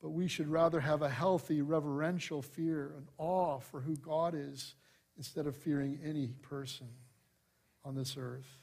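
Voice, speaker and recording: A man delivers a sermon in a fairly high voice. He leans hard into key phrases, then drops to quiet, confiding asides. His humor stays light and conversational. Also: moderate pace, creaky. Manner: expressive preaching, swings from loud emphasis to hushed asides. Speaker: pastor.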